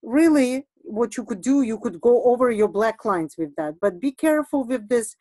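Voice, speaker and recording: A woman's voice: a little high, expressive, normal speed, mellow, no echo, rough recording. A woman teaching an art lesson in a chatty, casual way, laughing often and trailing off with fillers as she draws. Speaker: art instructor. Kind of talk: casual teaching while drawing.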